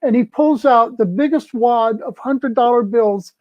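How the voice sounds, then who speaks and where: A man's voice: very high-pitched, unhurried, no echo. Older man telling a story, dull dry sound. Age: 70s. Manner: animated, acts out quoted people. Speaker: festival crew member. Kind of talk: casual storytelling.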